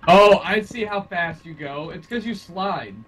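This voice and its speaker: A man chatting casually while playing a game with a friend, reacting in an animated way. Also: high-pitched, unhurried, crowd noise. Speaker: co-player. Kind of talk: casual chat while gaming.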